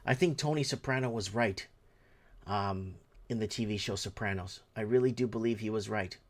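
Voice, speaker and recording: A man's voice: fairly low pitch, normal speed. Blunt rambling male livestream host. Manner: rambling, blunt, swears freely. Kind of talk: casual livestream talk.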